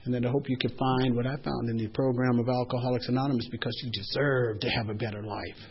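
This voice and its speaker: A man's voice: medium pitch, flat delivery, fast talker, a little hiss or hum. An older man speaking at a recovery meeting, giving heartfelt personal testimony with earnest, emotional storytelling. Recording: dull lo-fi recording.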